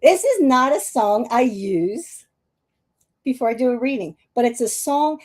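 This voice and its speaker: Lady in her 60s, teary, rambly storytelling on a live stream, warm high-ish voice. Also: expressive, unhurried. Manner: rambling, many restarts and asides to viewers. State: tearful. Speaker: psychic medium host.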